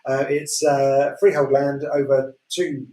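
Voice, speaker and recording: A man's voice: mid-range voice, level tone, takes it slowly, dark tone. A man presenting property lots on a live auction show, chatty and hesitant with lots of fillers. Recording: roomy echo.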